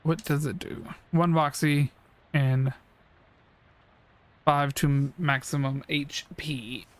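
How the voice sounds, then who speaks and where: A man's voice: a little high, steady tone, slow pace. A man streaming a comedy role-playing game, reading its dialogue and narration aloud in a mock-solemn, old-fashioned manner. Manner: archaic mock-solemn delivery for game characters. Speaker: gaming streamer.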